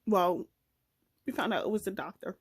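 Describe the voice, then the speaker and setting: A young woman vlogging, chatting excitedly and emotionally about a book she just read, talking straight to her viewers. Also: mid-range voice, normal speed, husky, low-quality recording. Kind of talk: casual chat.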